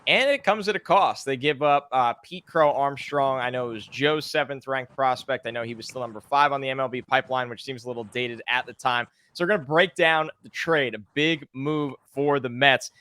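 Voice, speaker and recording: A man hosting a casual sports talk show, with an upbeat, quick delivery. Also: mid-range voice, sharp tone. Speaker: podcast host.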